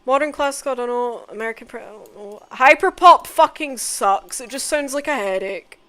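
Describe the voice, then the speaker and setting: A woman making a casual music tier list, swearing often, mumbling asides and bursting into loud excited outbursts. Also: fairly high pitch, a little fast. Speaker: content creator.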